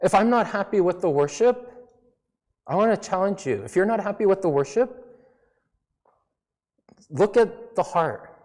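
Man, pastor preaching a sermon, slight non-native accent, conversational, fairly high voice, long hall reverb. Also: animated, unhurried, pauses often, darkish tone. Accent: non-native English accent. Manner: conversational, self-deprecating preaching with mock voices.

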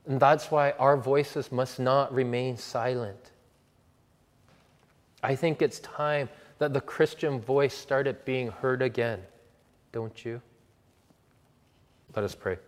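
A man preaching a sermon and leading a prayer, earnest and emphatic, slowing down to stress repeated words. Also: medium pitch, steady tone, in a large hall. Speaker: pastor.

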